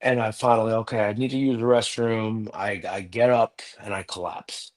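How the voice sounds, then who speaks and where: Low-voiced man telling his story. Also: steady tone, moderate pace. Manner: earnest storytelling. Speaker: guest. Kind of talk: personal story in a live interview.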